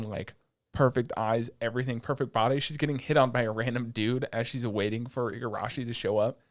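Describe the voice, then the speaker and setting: Young male podcast host, loose and animated, cusses freely while recapping a show. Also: mid-range voice. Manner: animated, swears freely, quick asides. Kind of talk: casual anime review chat.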